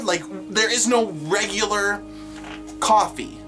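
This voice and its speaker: A young adult vlogger telling workplace stories to camera in an animated, exasperated, sarcastic way. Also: mid-range voice, moderate pace, music in the background. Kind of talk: storytelling rant to camera.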